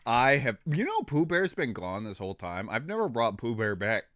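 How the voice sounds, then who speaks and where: A man rambles through casual stream chat and gets excitable, swearing freely. His voice has a bright, forceful edge. The sound is dry and close. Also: medium pitch, unhurried, dry recording.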